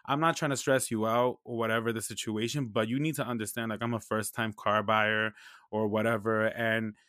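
A man's voice: fairly low pitch, steady tone, brisk, bright, forceful tone, no echo, studio quality. A young man telling a story in a casual, slangy, profane way, acting out the back-and-forth dialogue.

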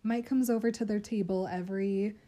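A woman's voice: mid-range voice, steady tone, a little fast, warm tone, a little hiss or hum. A young woman co-hosting a casual book-discussion chat, summarizing the story in a wry, dry way with slangy asides. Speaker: podcast co-host.

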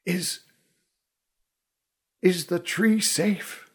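A man voicing a dying ancient archer who speaks weakly and haltingly, half whispering, as a storybook reader. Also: high-pitched, steady tone, sharp tone, slightly rough, pitched above the performer's own voice, exaggerated voice. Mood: weak, tender. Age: older. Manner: weak, breathless, halting whisper. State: dying, coughing. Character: dying ancient male archer, gentle and wise.

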